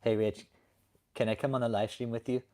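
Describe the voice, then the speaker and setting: A man's voice: mid-range voice, flat delivery, a little fast, mellow, natural voice. A man voicing his tiny sassy female pet dog, chatty and prim, ending her lines with "okay".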